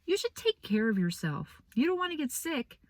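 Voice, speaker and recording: A woman voicing a caring, persistent adult woman mentor who fusses with high, sing-song questions. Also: very animated, normal speed, dry recording. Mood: fussing.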